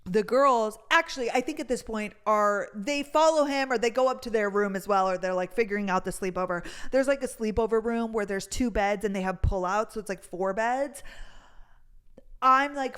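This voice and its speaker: A young woman rambles through a story in loose, casual podcast chat. She leans on fillers at every turn and swears freely, and her voice sits at an ordinary middle pitch. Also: moderate pace, a bit bright. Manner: chatty, fills with "like", swears freely. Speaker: podcast host.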